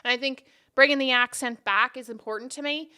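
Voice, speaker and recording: A woman's voice: high-pitched, fairly even intonation, brisk, pushed and bright, clean tone. A woman hosting her own podcast, chatting casually and rambling off on tangents in a self-deprecating way. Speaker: podcast host. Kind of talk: casual solo podcast chat.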